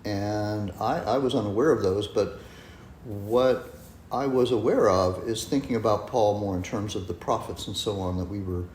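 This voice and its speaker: A man being interviewed as a guest scholar, speaking in a measured, hesitant way with many pauses and ums. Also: on the low side, darkish tone. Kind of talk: podcast interview. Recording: echoey room with faint noise.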